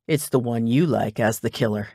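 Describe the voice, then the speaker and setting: A man's voice: mid-range voice, normal speed, darkish tone, slightly rough, no echo. A man voicing a dry, teasing male private investigator in a cozy mystery audiobook. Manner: matter-of-fact, teasing. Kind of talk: audiobook dialogue.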